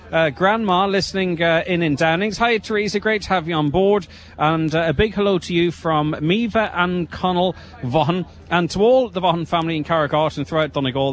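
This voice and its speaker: A man with an Irish accent presenting a live outdoor radio broadcast, upbeat and giving shout-outs. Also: fairly high pitch. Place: outdoor show ground.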